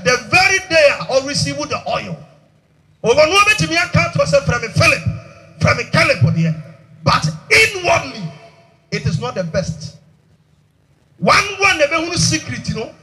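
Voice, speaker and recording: Fervent high-voiced Ghanaian preacher. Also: male voice. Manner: fervent, exhorting, often shouting for amens. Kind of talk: sermon. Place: church dedication service.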